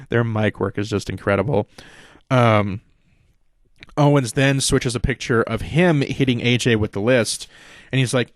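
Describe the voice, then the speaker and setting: A man's voice: unhurried, pauses often, no echo, studio quality. Rambling profane young man recapping wrestling. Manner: rambling, profane, acts out quotes in a higher voice. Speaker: podcast host.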